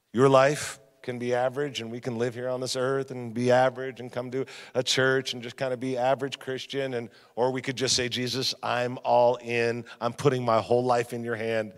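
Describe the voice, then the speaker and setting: A man preaching a sermon as a guest pastor, with repeated refrains and storytelling, jumping from loud punchy emphasis to quiet, low-spoken lines. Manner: energetic preaching, swings between loud emphasis and quiet drops. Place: church sanctuary. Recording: long reverb of a church hall.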